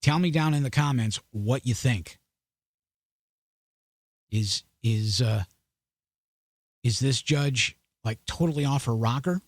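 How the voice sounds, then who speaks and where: A man's voice: mid-range voice, slow, pauses often, no echo, studio quality. A man hosting a podcast, giving blunt, sarcastic commentary and often restarting mid-sentence as he talks straight to his viewers. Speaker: podcast host. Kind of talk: opinionated news commentary.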